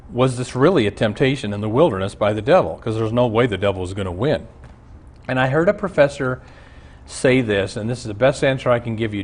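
A man who is a pastor, teaching a Bible lesson on a show and telling stories from his own life in an earnest preaching manner. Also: mid-range voice.

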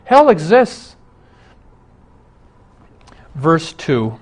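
A man's voice: fairly high pitch, wildly swooping pitch, very slow, slightly rough. A middle-aged male pastor delivering a broadcast sermon, earnest and emphatic, his intensity rising and falling.

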